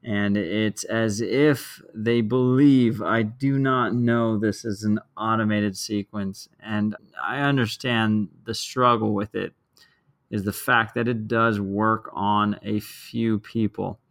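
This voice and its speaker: Low, flat-voiced male podcast host. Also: no room sound, clean studio sound. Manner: polite, measured wrap-ups. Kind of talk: podcast hosting.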